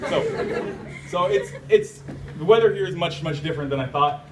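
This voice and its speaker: A man's voice: a little high, fairly quick, crowd noise. An American man speaking to a live audience, chatty and joking, laughing often. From United States. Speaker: guest speaker. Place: event hall. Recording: echoey room, distant mic, faint noise.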